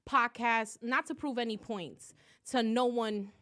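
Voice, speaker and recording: A woman hosting her own podcast, talking loudly and profanely in a casual, animated solo monologue full of slang. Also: fairly high pitch, unhurried. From New York. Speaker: podcast host.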